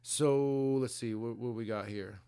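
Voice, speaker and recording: A man's voice: mid-range voice, unhurried, mellow, clean tone. Slangy man casually recapping a story. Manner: loose slangy storytelling with frequent swearing and laughs. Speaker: podcast co-host.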